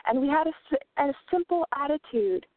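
A woman telling a steady story while sharing at a recovery meeting. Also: sits high, fairly quick, slight background noise. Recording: tinny phone line.

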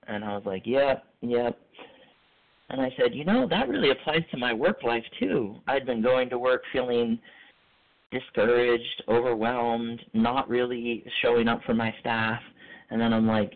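A school administrator, a man, sharing personal stories in an earnest, reflective way. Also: medium pitch. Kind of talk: personal testimony. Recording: tinny phone-like line.

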